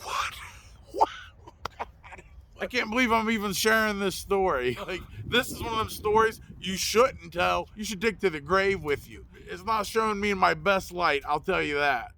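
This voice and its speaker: A man tells a confessional story in a blunt, self-mocking way and swears freely. His voice is high and bright with a rough, gravelly grain. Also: normal speed, slight background noise. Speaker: mobile mechanic and video host.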